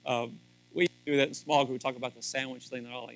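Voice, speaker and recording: A man's voice: medium pitch, flat delivery, racing, soft background music, low-quality recording. A man speaking to a live audience about marriage in a joking, folksy way, rambling with restarts. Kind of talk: humorous sermon to a live audience.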